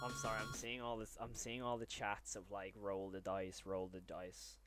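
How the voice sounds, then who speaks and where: A man's voice: lowish voice, monotone, moderate pace, loud music behind the voice. Stunned male streamer muttering in disbelief. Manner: stunned, repeating himself in disbelief; swings between loud outbursts and muttering. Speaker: live streamer. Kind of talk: live stream reaction to chat.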